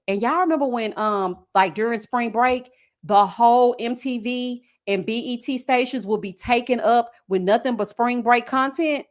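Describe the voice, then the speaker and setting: Woman live host, casual chat, slangy storytelling, bright swooping voice. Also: on the high side. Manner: animated, chatty, slangy storytelling. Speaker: YouTube host.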